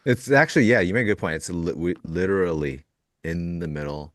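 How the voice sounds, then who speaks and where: Deep-voiced man in easygoing trading chat. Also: fairly quick, no room sound, clean studio sound. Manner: animated, jokey, acts out quoted lines. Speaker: trading show co-host.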